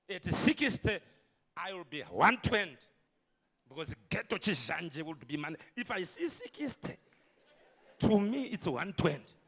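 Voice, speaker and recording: A pastor tells stories in his sermon, and his voice swings widely and breaks into shouts. His tone is high and bright. He sounds forceful and bursts into loud peaks. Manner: animated storytelling with shouted peaks.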